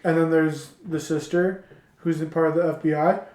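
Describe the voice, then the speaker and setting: A man's voice: a little high, fairly even intonation, moderate pace, darkish tone, distant mic. A man co-hosting a podcast in casual chat, hesitant and full of restarts. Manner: hesitant, many fillers and restarts. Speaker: podcast co-host. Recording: roomy echo.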